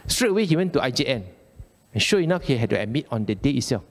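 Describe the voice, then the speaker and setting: A man with a Malaysian English accent gives a casual Dhamma talk in a temple hall, chatty and colloquial, checking in with "okay?" and repeating phrases. His pitch swings widely and animatedly around a mid register. The voice carries a long reverb from the hall. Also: sing-song, fast. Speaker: Buddhist Dhamma speaker.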